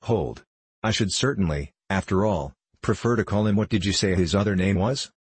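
A man's voice: low-pitched, normal speed, husky. A man reading the part of a vain, boastful grown male musketeer in an audiobook, in a pompous, self-satisfied manner. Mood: puzzled.

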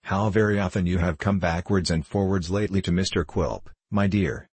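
A man voicing a timid, submissive wife who speaks gently and falteringly. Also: sits low, moderate pace, slightly rough, no room sound. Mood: gentle.

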